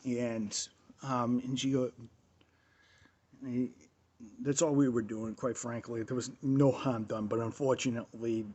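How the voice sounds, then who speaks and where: A husky-voiced man hosting a radio talk show, telling a story casually and loosely. He circles back on his own phrases, piling up ums and "and stuff like that." His pitch sits in an ordinary middle range. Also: fairly even intonation, moderate pace, a little mellow. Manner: rambling, repeats phrases, many fillers.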